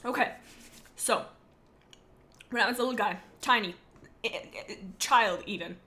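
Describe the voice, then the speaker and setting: A young adult woman streamer chatting casually, rambling through animated stories with many asides. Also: fairly high pitch, moderate pace. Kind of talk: casual live-stream chat.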